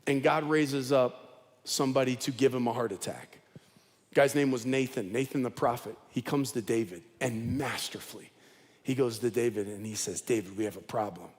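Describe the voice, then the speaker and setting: A man's voice: mid-range voice, normal speed, in a large hall. Male pastor preaching with emphatic repetition. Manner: emphatic storytelling with heavy repetition. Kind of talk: sermon. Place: church auditorium.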